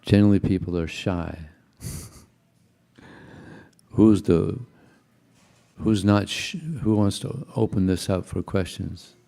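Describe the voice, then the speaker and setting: Deep, warm and creaky, this older man's voice moves slowly with fairly even intonation and frequent pauses. He is a temple speaker giving a devotional talk, sharing anecdotes with the congregation in a chuckling, conversational manner.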